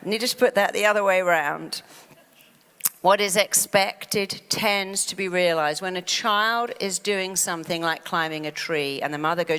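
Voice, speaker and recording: A woman giving a motivational talk, animated, acting out fretful inner voices as she teaches. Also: lowish voice, smooth. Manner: animated, acts out quoted worries in a fast fretful voice. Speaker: therapist and speaker. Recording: long hall reverb.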